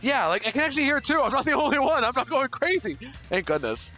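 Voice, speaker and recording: A male streamer with a bright, forceful voice, talking through a live game run. He is excitable, swinging between panicked outbursts and easy banter with chat. Faint game music plays behind him. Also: extremely high pitch, fast talker. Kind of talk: live gameplay commentary.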